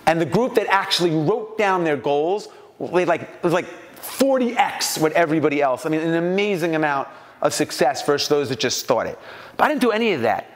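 A man from New York giving an animated storytelling talk at a business mastermind and acting out the voices in his anecdotes. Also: a little high, a little fast, in a large hall. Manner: animated, acts out quoted voices.

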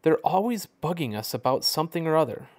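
A man's voice: on the high side, expressive, fast talker, a little mellow, pitched above the performer's own voice, lightly acted. A man reading as an unhappy young woman. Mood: glum. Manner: plain, short complaining statements.

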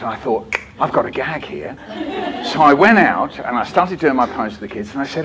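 A man's voice: mid-range voice, sing-song, normal speed, sharp tone, a little hiss or hum. Guy at a teachers' conference, jokey storytelling, does silly voices and gets the room to copy him. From England. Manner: playful, acts out voices and leads call-and-response. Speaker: children's poet giving a storytelling masterclass. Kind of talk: lively storytelling talk to teachers. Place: conference hall.

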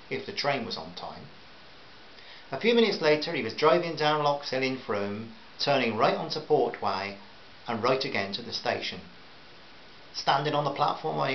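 A man's voice: medium pitch, vocal fry. Man reading a novel in an echoey room. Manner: measured, with occasional stumbles. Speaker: audiobook narrator. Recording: roomy, slightly dull, faint hiss.

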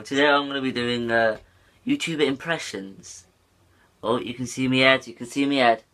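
A man's voice: mid-range voice, fairly bright tone. A young man chatting casually for a vlog, rambling and swearing often. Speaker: YouTuber.

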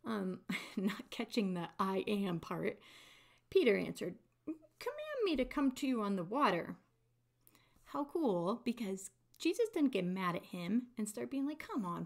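A woman with a mid-range voice teaches a Bible study in a relaxed, talky way. She reads verses aloud and acts out the quoted lines with enthusiasm. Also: mid-range voice, gravelly. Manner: conversational and enthusiastic, acting out quotes. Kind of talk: casual Bible study devotional.

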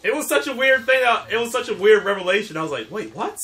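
A man telling stories in casual chat over a game, animated, laughing often and swearing casually. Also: high voice, quick pace.

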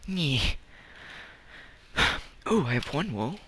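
A man's voice: on the high side, lively intonation, a little slow, gravelly, sharp tone, slight background noise. A young man giving playful let's play commentary, talking to himself with sing-song noises. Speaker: gamer.

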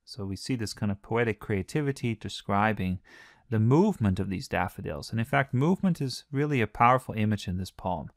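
A man teaching a close reading of a poem in a relaxed, conversational way, often pausing with "uh". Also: lowish voice, no room sound. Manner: relaxed, conversational, frequent "uh" fillers. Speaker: literature teacher. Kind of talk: explanatory lesson.

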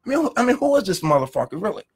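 Racing along with big swings in pitch, a middle-aged law professor's high, slightly rough voice comes through a phone or webcam during a live video feed. He's ranting furiously and with profanity, throwing out rhetorical questions and repeating words.

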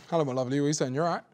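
A man's voice: on the high side, darkish tone, a little hiss or hum. A young man with a London accent, chatting and teasing on a blind date in a cheeky, slangy way. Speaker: blind dating contestant. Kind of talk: casual chat.

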